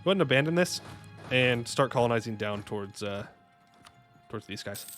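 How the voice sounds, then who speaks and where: A man streaming a strategy game, commenting casually and excitably, talking to himself and his chat with jokey asides. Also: medium pitch, fairly quick. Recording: faint music behind the voice.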